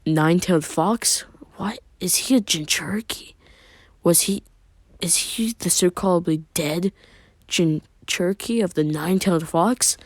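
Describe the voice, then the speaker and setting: A man's voice: fairly high pitch, moderate pace, a little mellow, no room sound, natural voice. A man voicing a commanding woman leader who demands answers and mutters in whispers. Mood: stern, whispering.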